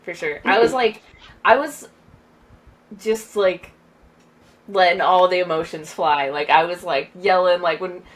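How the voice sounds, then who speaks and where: A woman's voice: on the low side, a little slow, long pauses. A woman co-hosting a podcast, chatting casually and bubbly about a film, with lots of "like". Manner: bubbly, says "like" a lot, laughs easily. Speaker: podcast co-host. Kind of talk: casual movie review chat.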